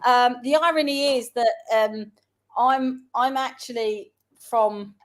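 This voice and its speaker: A woman from South London with a London accent, chatting as co-host of a casual talk show. Her voice sits a bit on the high side, and she tells her stories in an animated way with quick asides. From South London, England. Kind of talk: casual chat.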